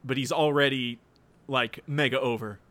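A man casually commenting on a wrestling show with a friend, relaxed, with dry jokes and trailing asides. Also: mid-range voice, normal speed. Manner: relaxed, laid-back, mumbles and restarts, dry jokes.

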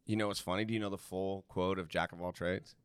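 In a university lecture hall before students, a male guest speaker and voice performer talks casually on a panel, telling stories animatedly and acting out quotes. His low, resonant voice is clear and steady, and he talks fast.

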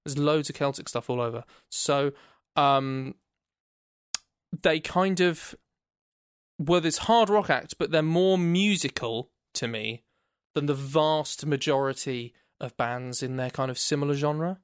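Smooth-voiced enthusiastic British man chatting. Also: on the high side, measured pace, dry recording, clean studio sound. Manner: rambling, enthusiastic, laughs often. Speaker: podcast co-host. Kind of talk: casual chat.

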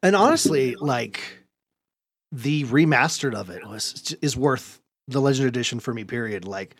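A man hosting a podcast, telling a story in lively casual chat, laughing often and swearing now and then. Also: mid-range voice, moderate pace, breathy edge. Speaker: podcast host.

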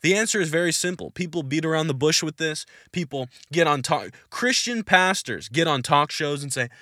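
A man's voice: on the high side, animated, normal speed, pushed and bright, no room sound, clean studio sound. A man hosting a Christian podcast Q&A, answering questions in an emphatic, insistent, preachy way and repeating his points. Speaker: podcast host.

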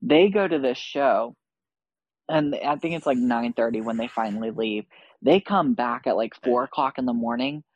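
A woman's voice: a bass voice, normal speed, husky, no echo, lo-fi sound. A woman on a podcast over a video call, telling a story casually with lots of swearing and acted-out dialogue. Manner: profane, animated, acts out quoted dialogue. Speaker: podcast guest.

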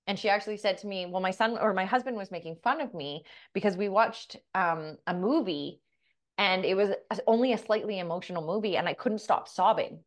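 A woman's voice: medium pitch, a little fast. A woman co-hosting a podcast, talking earnestly and telling stories that quote the people in them. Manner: earnest, storytelling, quotes others in dialogue. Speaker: podcast co-host. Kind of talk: reflective podcast conversation.

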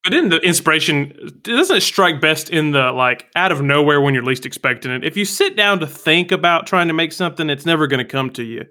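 A man's voice: on the high side, animated, brisk, few pauses, pushed and bright. A man hosting a podcast in casual chat, with wry, playful banter. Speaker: podcast host.

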